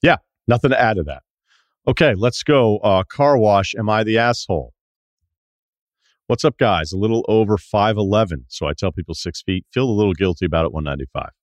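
A man's voice: fairly low pitch, fairly quick, no room sound. A man hosting a podcast, reading a listener email aloud and adding wry, conversational asides. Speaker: podcast host.

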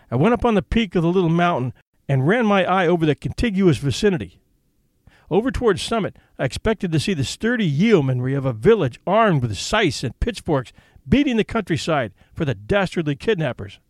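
A man reading a humorous story aloud as narrator, with an expressive, wry first-person telling. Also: on the high side, fairly quick, dry recording. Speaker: audiobook narrator.

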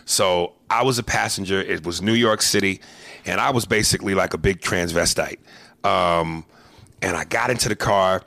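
Man, comedy podcast host, gravelly low voice, bright edge, dry close mic, profane storyteller. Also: normal speed, dry recording.

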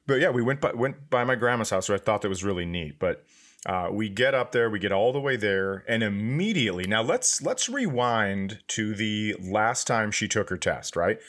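A man's voice: lowish voice, normal speed. A middle-aged man hosting a podcast, telling a family story in casual chat and acting out what others said. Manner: lively storyteller, acts out quotes in a raised voice. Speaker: podcast host.

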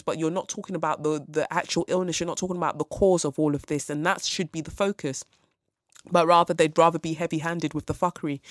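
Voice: mid-range voice, a bit bright, dry recording, clean studio sound. Blunt, swearing podcast host. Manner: blunt, profane, exasperated. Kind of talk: ranting commentary.

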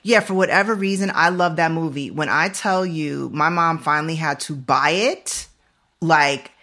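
A woman's voice: sits low, normal speed, pushed and bright. A woman in her forties hosting a podcast in casual chat, talking loosely with lots of "like" and "you know". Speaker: podcast host.

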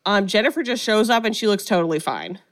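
A woman co-hosting a podcast, casually recapping a film and acting out the quotes with lively energy. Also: mid-range voice, fast talker. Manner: animated storyteller, acts out quotes. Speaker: podcast co-host.

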